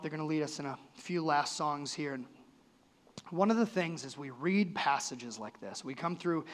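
A male pastor giving a sermon in a church, earnest and conversational, his voice rising and falling sharply. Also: a little high. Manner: earnest, conversational preaching with sudden lifts and drops in voice.

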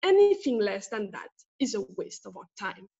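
A woman's voice: medium pitch, sing-song, normal speed, darkish tone. Woman reading a blunt legal clerk, French accent. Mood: indignant. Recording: dull lo-fi audio.

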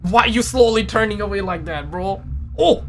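A man's voice: high voice, brisk, background noise. A young man hosting a reaction video, talking casually and exclaiming often in slangy speech. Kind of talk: live reaction commentary.

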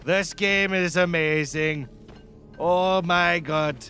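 A man hosting a game stream in casual chat, excitedly exclaiming questions about what he sees. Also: high-pitched, slow. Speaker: streamer host. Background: game music.

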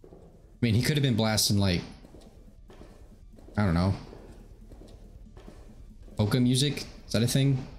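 A man's voice: on the low side, a little slow, long pauses, slight background noise. Man joking through a horror game. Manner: joking, sarcastic asides. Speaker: let's-play host. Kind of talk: casual gameplay commentary.

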